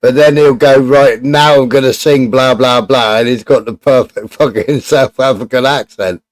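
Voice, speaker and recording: A man's voice: mid-range voice, steady tone, moderate pace, dry recording. A man telling a casual story, rambling and restarting as he goes.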